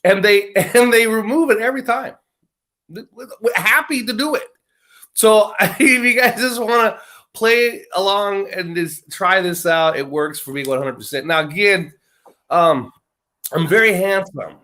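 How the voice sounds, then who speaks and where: An American man talks in a loose, rambling way, joking as he goes. His voice sits a bit high, and he keeps chuckling mid-sentence. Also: a little slow, sharp tone. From United States. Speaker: guest. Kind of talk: casual chat. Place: lives in Britain.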